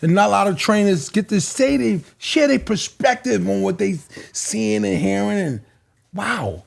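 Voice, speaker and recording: A man hosting a casual podcast conversation, his voice sitting high and swinging widely in pitch. There is a gravelly texture under his words. He sounds animated and tells stories through laughter. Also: normal speed. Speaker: podcast host. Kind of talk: casual chat.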